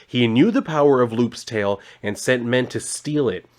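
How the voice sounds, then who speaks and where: A man's voice: medium pitch, moderate pace, close to an everyday voice. Ancient shark guardian, read by a man, boastful, declaiming, comic dialogue. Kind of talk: reading comic dialogue aloud.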